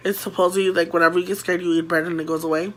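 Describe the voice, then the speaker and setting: A woman vlogger telling a story in a casual, animated way, full of fillers and acted-out quotes. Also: on the low side, rapid-fire. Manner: animated, filler-heavy retelling with quoted voices.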